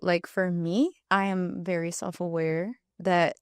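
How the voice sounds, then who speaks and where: A woman's voice: fairly low pitch, steady tone, unhurried, clear, resonant tone, no echo, clean studio sound. A woman being interviewed as a spiritual coach and energy healer, explaining earnestly in casual chat with many "like" fillers.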